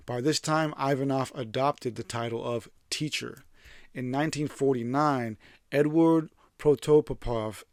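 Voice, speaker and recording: A male host reads a scripted narration, breaking off into irreverent, profane, jokey asides as casual commentary. His voice is mid-range, and the recording is dry and studio quality.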